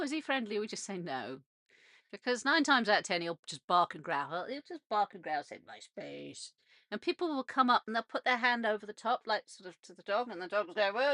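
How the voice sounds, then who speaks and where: A woman's voice: mid-range voice, pushed and bright, no echo, studio quality. Chatty British woman hosting from a boat. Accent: British English. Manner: chatty, meandering, frequent restarts and laughs. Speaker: radio show host. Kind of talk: rambling casual monologue. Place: narrowboat on a canal.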